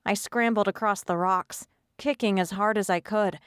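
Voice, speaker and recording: A woman reading a first-person audiobook in a steady, scripted storytelling manner. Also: mid-range voice, moderate pace, smooth, dry recording, clean studio sound. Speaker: audiobook narrator.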